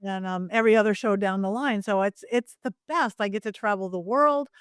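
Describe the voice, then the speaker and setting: A middle-aged woman appears as a psychic medium guest in a lively storytelling interview, animatedly telling anecdotes and acting out the voices in them. Her medium-pitched voice is clean and fairly quick, in a dry, studio-quality recording.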